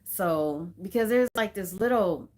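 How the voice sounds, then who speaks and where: A woman's voice: mid-range voice, lively intonation, measured pace, a little mellow. A woman from Southern California hosting a casual livestream, chatting and greeting viewers by name with frequent laughs. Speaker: livestream host.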